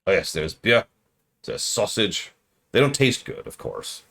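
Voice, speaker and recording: Deep-voiced man riffing on stream. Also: measured pace, vocal fry. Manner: rambling, jokey riffing with deadpan asides. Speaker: streamer reviewing a game. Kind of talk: casual livestream commentary.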